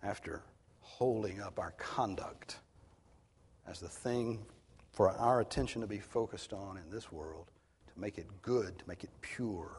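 Husky-voiced preacher in a reverberant hall. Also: male voice, on the low side, a little slow, a little mellow. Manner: earnest, emphatic teaching. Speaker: pastor. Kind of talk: expository sermon.

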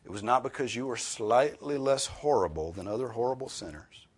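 Husky-voiced male preacher, dramatic hushes. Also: mid-range voice, expressive, brisk. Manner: emphatic, swings from loud stress to hushed near-whisper. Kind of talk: expository sermon.

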